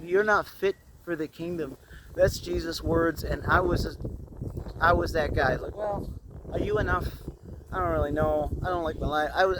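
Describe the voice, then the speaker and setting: A man's voice: a little high, slight background noise. Earnest man giving a faith testimony. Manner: earnest, casual, halting. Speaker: testimony speaker.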